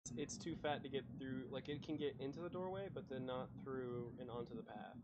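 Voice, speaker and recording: A man's voice: mid-range voice, fairly quick, highs cut off, background noise. A man running a tabletop game as game master, casual and explanatory with fillers.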